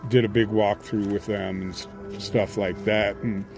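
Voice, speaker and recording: A man with a lowish voice chats casually on a live stream outdoors. He rambles, trailing off into uh's and starting over mid-sentence. Faint music plays somewhere behind him. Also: little pitch movement, normal speed, gravelly. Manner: rambling, with frequent uh's and restarts. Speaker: independent scanner-chasing reporter. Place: outdoors at a haunted house attraction. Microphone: handheld phone camera.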